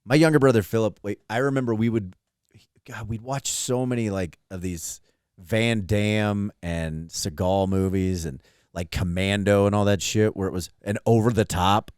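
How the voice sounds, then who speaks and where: A man's voice: fairly low pitch, moderate pace, smooth, dry recording, clean studio sound. A man co-hosting a podcast, telling a story in casual, profane chat and acting out the people in it. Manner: animated, profane, acts out quoted voices. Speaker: podcast co-host.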